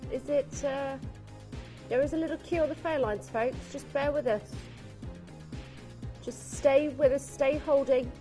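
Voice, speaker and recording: A woman presenting on a live TV shopping channel, excitable and gushing as she urges viewers to buy. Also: high voice, measured pace, long pauses, faint music behind. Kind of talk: live TV shopping sales patter.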